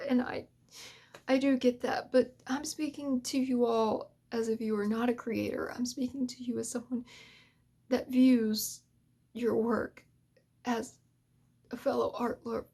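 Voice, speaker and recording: Breathy, emotional woman, half-whispering. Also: a little high, level tone, unhurried, dark tone. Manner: earnest, drifting in and out of whisper. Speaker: ASMR channel host. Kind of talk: soft-spoken heartfelt talk to creators.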